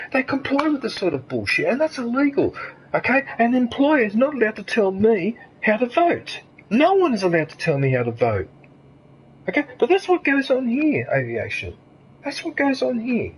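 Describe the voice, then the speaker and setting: A man's voice: sits high, slight background noise, low-quality recording. Angry ranting Australian man. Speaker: streamer. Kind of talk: ranting commentary over gameplay.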